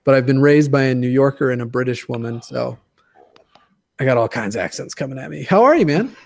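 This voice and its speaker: A man's voice: medium pitch, animated, a little fast, vocal fry, no room sound. Joking, foul-mouthed man in his twenties. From Denver area, USA. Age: 20s. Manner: profane, joking, rambling. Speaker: guest YouTuber. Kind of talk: casual chat.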